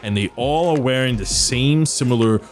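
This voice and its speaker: Man dungeon master, casual rambling scene narration, middle pitch. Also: normal speed, soft background music. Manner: casual, rambling descriptions with fillers. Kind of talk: narrating a tabletop game.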